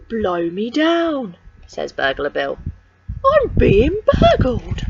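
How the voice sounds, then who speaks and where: A woman reading a children's picture book aloud with expressive, sing-song storytelling. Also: mid-range voice, creaky, muffled recording, slight background noise.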